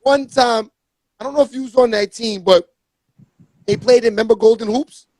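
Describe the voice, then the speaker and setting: A man hosting a casual chat, telling stories animatedly and shouting out guests. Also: extremely high pitch, moderate pace, no echo. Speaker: podcast host.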